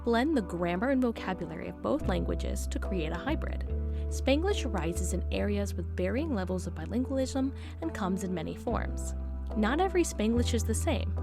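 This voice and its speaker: Woman narrating from script over music. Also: medium pitch. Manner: even, read-aloud delivery. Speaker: podcast narrator.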